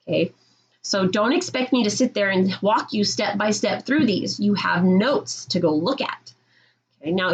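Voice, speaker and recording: A woman's voice: on the low side, highs cut off. Firm teacher woman laying down rules. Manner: firm, direct, repeats "okay?". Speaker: middle school teacher. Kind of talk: classroom rules talk to students.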